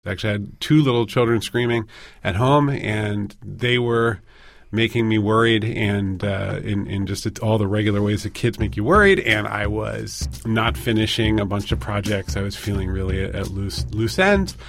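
Gravelly self-deprecating man. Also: fairly low pitch, moderate pace. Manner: animated, self-deprecating, mimics inner voices. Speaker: interviewee. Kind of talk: candid personal storytelling.

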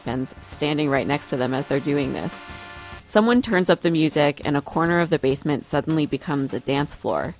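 Low, gravelly woman reporter narrating. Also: lively intonation, soft background music. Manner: measured, storytelling delivery. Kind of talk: scripted radio narration.

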